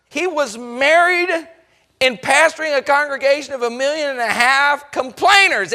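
A man preaching a sermon, telling stories folksy and emphatic, acting out the voices and rising to shouts. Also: very high voice. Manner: folksy storytelling with acted-out voices. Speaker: pastor.

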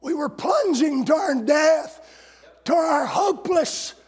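A man preaching a folksy, sarcastic sermon that builds to shouted climaxes. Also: extremely high pitch, animated, slow.

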